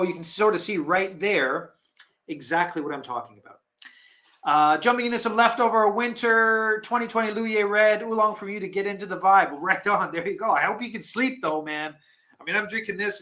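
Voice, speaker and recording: A man's voice: on the high side, pushed and bright. A man hosting a casual tea live stream, chatting in a rambling, self-deprecating way with many restarts.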